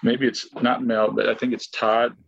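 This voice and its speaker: A man's voice: mid-range voice, level tone, normal speed, gravelly, muffled recording, a crowd in the background. A man telling a long personal story in a rambling, casual way, full of fillers and restarts, often acting out what he said and thought at the time. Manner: rambling, filler-heavy, with frequent restarts and acted-out quotes. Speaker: guest, former baseball player.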